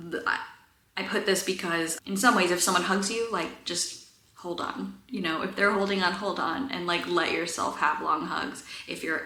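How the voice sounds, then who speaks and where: Woman vlogger, thirties, bright tone, roomy echo, candid, earnest, laughs softly. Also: on the low side, slight background noise. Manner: candid, earnest, frequent fillers and soft laughs. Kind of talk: personal talk to camera.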